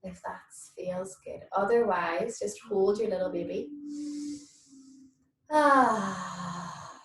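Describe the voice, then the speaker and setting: A woman leading a mum and baby yoga class, giving soft, soothing instructions and cooing at babies in a sing-song voice. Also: mid-range voice, takes it slowly, pauses often. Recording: echoey room, mic at a distance.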